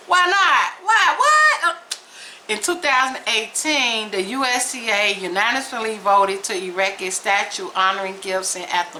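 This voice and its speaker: Slow-reading woman, bright and exclamatory. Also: medium pitch, slight background noise, low-quality recording. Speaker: vlog host reading aloud. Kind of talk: casual reading and reacting.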